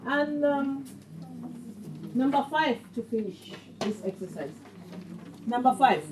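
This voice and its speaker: A woman's voice: high-pitched, lively intonation, takes it slowly, reverberant, distant mic, background noise. A woman teaching a beginner English class, patient and questioning, repeating phrases so her learners catch them.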